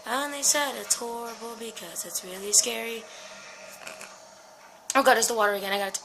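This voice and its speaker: A woman's voice: fairly high pitch, a little fast, pauses often, sharp tone, a little hiss or hum, poor audio. A woman giving jumpy, swear-laden commentary while playing a horror game. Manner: jumpy, swearing, talks to herself. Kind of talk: let's-play commentary.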